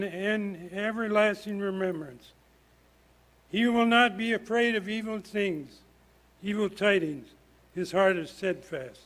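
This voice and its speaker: An older man preaches from a church lectern in a high, ringing voice. His delivery is earnest and emphatic, pressing each point hard as he works through scripture. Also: a bit bright. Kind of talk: sermon.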